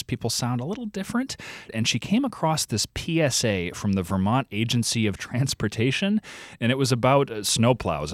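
A man's voice: on the low side, no echo, studio quality. A man from the Chicago area, a podcast co-host, chatting on a radio interview with fillers and restarts.

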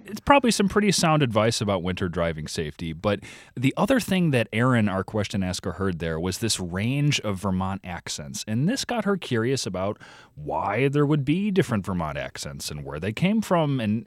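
Guest podcaster, male, low, very animated pitch, chatty, dry studio sound. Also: normal speed, no room sound. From Chicago area. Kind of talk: radio interview.

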